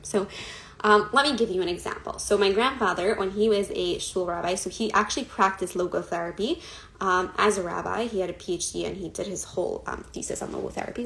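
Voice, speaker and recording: A woman's voice: mid-range voice, gravelly, a bit bright, a little hiss or hum. A woman coach giving a chatty talk on an Instagram live, with many fillers, asides and light laughs.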